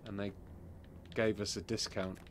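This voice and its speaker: A man's voice: on the low side, level tone, measured pace, slight background noise. A man chatting and joking casually while streaming a game with a friend, swearing now and then. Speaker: streamer playing online with a friend. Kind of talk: casual chat while gaming.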